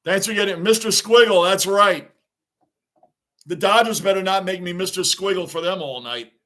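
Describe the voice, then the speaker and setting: A high-pitched man hosts a live baseball reaction stream, chatting casually with viewers and reading their comments aloud. He sounds like a frustrated fan watching his team and speaks at a moderate pace.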